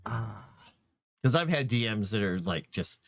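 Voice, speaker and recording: Unhurried and fairly low with lively intonation and some vocal fry, the voice belongs to a livestream host who runs tabletop games. He rambles casually about it, full of fillers and restarts, in a studio-quality recording without echo.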